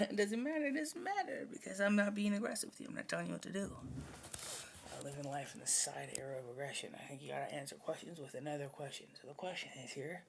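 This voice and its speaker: A man with a gravelly voice rambles through a casual monologue. He is blunt and swaggering, and he swears freely. A faint hum sits under his voice. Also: medium pitch.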